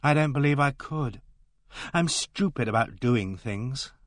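A man's voice: medium pitch, a little slow, no room sound, clean studio sound, natural voice. A man reading aloud and voicing a sullen, awkward teenage girl who talks bluntly and gloomily. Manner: blunt, gloomy, bursts into bitter outbursts.

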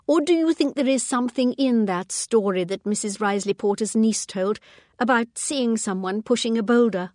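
A woman voicing a gentle, probing elderly lady sleuth. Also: on the high side, normal speed, no room sound, clean studio sound, pitched above the performer's own voice, natural voice. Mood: mild, probing. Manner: mild, probing, polite questions. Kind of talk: audiobook character reading.

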